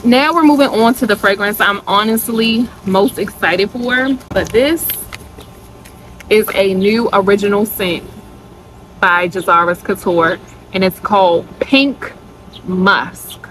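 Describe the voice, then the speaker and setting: Slow-talking, gushing woman vlogger. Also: mid-range voice, fairly bright tone, a little hiss or hum, low-quality recording. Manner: gushing and chatty, addresses viewers as y'all. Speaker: vlogger reviewing perfume. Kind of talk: casual product review vlog.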